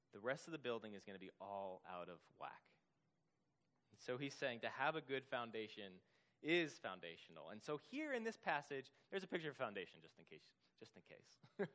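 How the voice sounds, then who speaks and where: A man's voice: on the high side, fairly bright tone. A man preaching a sermon as a pastor, earnest and repetitive for emphasis, with frequent fillers.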